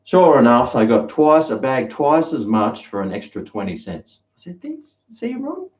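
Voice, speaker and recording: An Australian man rambles through stories for his live-stream audience from his kitchen at home. He speaks at normal speed with a medium pitch, lively intonation and a slightly mellow quality, in a roomy, dull, lo-fi recording.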